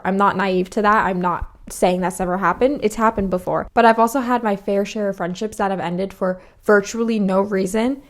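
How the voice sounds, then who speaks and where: A young woman hosting a solo podcast, talking frankly and confessionally, swearing freely and acting out past conversations. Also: mid-range voice. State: slightly out of breath. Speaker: podcast host. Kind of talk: candid solo podcast monologue.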